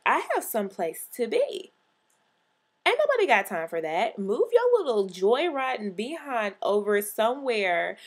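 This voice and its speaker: A young woman vlogger in a sassy, exasperated comic rant to camera, punching out her catchphrase. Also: mid-range voice.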